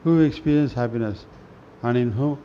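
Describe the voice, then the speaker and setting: A man reading spiritual scripture aloud in a slow, halting way, often restarting words and clearing his throat. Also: mid-range voice. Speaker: reader of a spiritual newsletter. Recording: dull lo-fi recording with faint noise.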